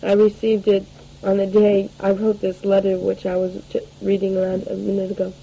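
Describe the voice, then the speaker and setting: Brief: young woman in her late teens, rambling audio letter home, warm mellow tone, faint hiss. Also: medium pitch, completely flat delivery, normal speed, vocal fry, low-quality recording. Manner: rambling and chatty, with many fillers and restarts. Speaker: letter writer. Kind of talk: spoken audio letter to family.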